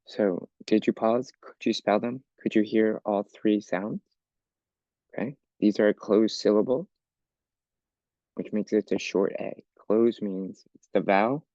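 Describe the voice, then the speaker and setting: A man's voice: on the low side, dark tone, dry recording, muffled recording. A man teaching an English lesson for learners, explaining patiently step by step and often checking with "okay?". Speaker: ESL teacher.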